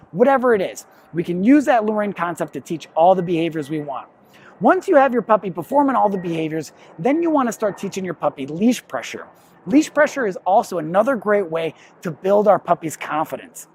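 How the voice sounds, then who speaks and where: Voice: mid-range voice, slight background noise. A dog trainer giving a plain, step-by-step lesson on puppy training, explaining with everyday comparisons. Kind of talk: instructional talk to camera.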